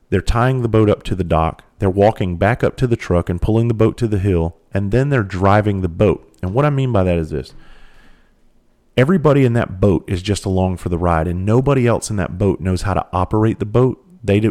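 A man's voice: fairly low pitch, a little mellow. A middle-aged man, talking bluntly in a casual monologue and swearing freely.

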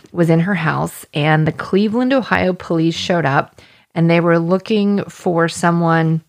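Female podcast host, low and gravelly, plain conversational true-crime explainer.

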